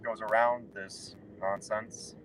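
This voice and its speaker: A man's voice: on the low side, flat delivery, slow, a bit bright, low-quality recording. A young man on a road trip, talking casually from his car in a rambling, wry, offhand way. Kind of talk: casual chat. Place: inside a car while driving. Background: faint road and vehicle noise.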